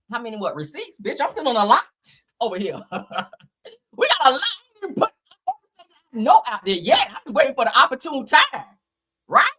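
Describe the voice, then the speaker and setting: A woman's voice: fairly high pitch, sharp tone, slightly rough. A woman hosting a casual gossip show, talking bluntly and profanely in a fired-up way. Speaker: host.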